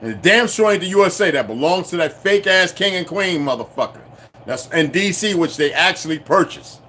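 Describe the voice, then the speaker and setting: A man ranting to his viewers in a profane, confrontational way, swinging between shouting and low muttering. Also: animated, normal speed, a little hiss or hum. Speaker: channel host. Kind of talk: unscripted rant to viewers.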